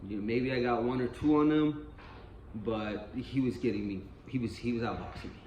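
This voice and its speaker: A man's voice: mid-range voice, moderate pace, muffled recording, a little hiss or hum. Man, casual storyteller, profane, rambling, echoey room, faint ambience. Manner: rambling, profane, repeats himself. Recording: roomy echo, faint ambience.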